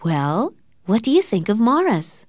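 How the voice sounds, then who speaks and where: A woman reading the part of a loud, bold, teasing young woman. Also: mid-range voice, sing-song, measured pace, dry recording, studio quality.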